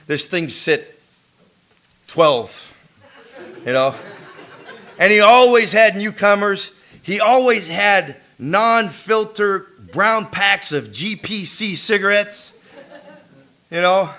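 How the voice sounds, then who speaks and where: A man's voice: high voice, slow, long pauses. A man speaking at a recovery meeting, telling a streetwise story full of slang and swearing and acting out what people said. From United States. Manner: animated, acts out quotes with laughter. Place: meeting room before an audience.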